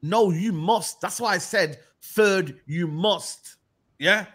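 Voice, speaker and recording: A man's voice: high voice, slow pace, fairly bright tone, husky. A man ranting about his football team in heated, slangy banter. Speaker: football fan.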